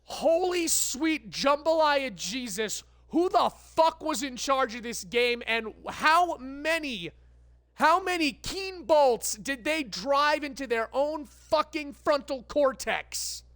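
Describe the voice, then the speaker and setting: A woman's voice: high voice, expressive, slow pace, a bit bright, no room sound. Profane, ranting woman streamer. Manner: stammering restarts. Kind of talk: live gameplay commentary.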